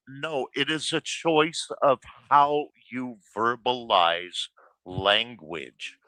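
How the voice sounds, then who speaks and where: A man on a call-in panel, lecturing and scolding in a forceful, repetitive way. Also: medium pitch, slow pace, no room sound, poor audio. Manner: lecturing, forceful, repeats himself. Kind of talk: heated panel argument.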